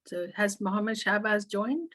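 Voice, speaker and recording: A woman hosts an online open mic, announcing the next act in a brisk, friendly way. Her voice sits at an ordinary mid height over a video call. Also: mid-range voice, fairly bright tone, rough recording. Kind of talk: introducing performers.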